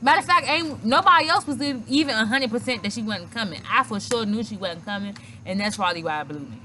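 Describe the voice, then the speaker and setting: High pitched woman cohost, swoopy voice, chatty and slangy, noisy background. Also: fast talker. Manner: animated, slangy, laughs often. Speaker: podcast co-host. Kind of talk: casual chat.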